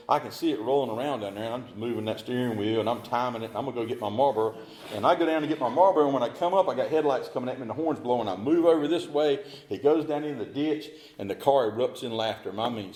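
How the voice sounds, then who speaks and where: A middle-aged man with a drawl tells his story at a recovery meeting. His voice sits at an ordinary middle pitch, and his delivery is animated and folksy. The sound is roomy and echoing, like a meeting hall. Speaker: AA speaker.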